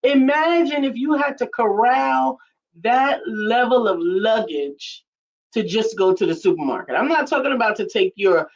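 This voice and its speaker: A woman's voice: on the high side, expressive, normal speed. A woman co-hosting a casual faith-based talk show, earnest and preacherly, reading out viewer comments. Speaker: co-host, coach. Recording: dull lo-fi audio.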